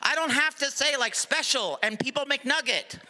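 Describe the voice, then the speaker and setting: A middle-aged male stand-up comedian performing a live set, sarcastic, sometimes dropping to a low mutter for asides. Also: moderate pace, pushed and bright. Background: audience laughter.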